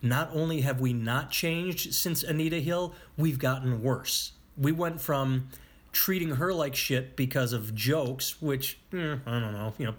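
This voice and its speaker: A man in a casual political chat who sounds frustrated and rambles, breaking off and restarting his sentences. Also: mid-range voice.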